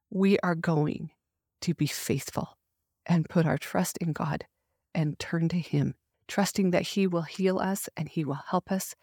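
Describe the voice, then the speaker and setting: A woman's voice: sits low, creaky, darkish tone, breathy edge, no room sound. Earnest middle-aged woman, dry close sound. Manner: earnest, heartfelt, emphatic. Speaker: podcast host. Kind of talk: faith devotional talk.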